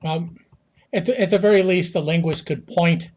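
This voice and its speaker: American man, guest interview, halting and thoughtful, slightly raised pitch, muffled lo-fi sound. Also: a little mellow. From United States. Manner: measured, many fillers and restarts. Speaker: guest analyst. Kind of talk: unscripted interview answers.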